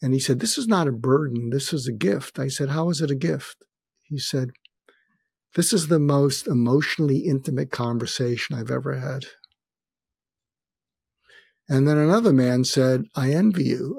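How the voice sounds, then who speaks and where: A gravelly, husky older man recounts personal stories in a candid, reflective way. His delivery is dry and close, with lively bursts when he quotes other people. He speaks as an interview guest. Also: medium pitch, moderate pace, long pauses, no echo. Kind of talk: reflective storytelling.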